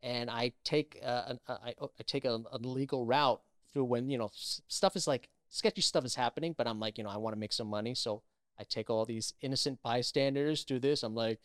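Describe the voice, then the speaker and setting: A man's voice: medium pitch, brisk, dry recording, clean studio sound. A man, an actor, chatting as an interview guest, telling stories animatedly with many restarts. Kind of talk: casual interview chat.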